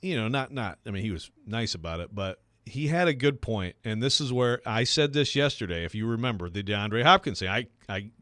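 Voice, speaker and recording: Bright-voiced sports radio host. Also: male voice, fairly low pitch, animated, no room sound. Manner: rambling, self-deprecating, quick to laugh. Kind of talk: sports talk radio chat.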